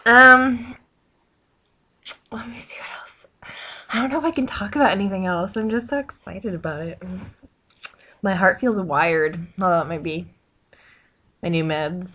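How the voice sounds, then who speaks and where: A young woman, chatting casually to her camera in a rambling, excitable way with many fillers. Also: mid-range voice, normal speed. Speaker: vlogger.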